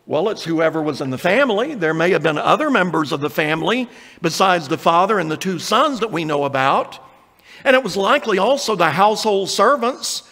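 High-voiced man preaching in a hall. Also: animated, brisk, fairly bright tone. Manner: earnest preaching, reads scripture aloud, acts out quotes. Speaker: pastor. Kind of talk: sermon.

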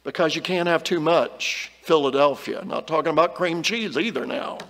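A man's voice: a little high, moderate pace, fairly bright tone, long reverb tail. A man giving a Bible lesson sermon in an earnest, emphatic way, stressing the words he reads from scripture. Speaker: preacher.

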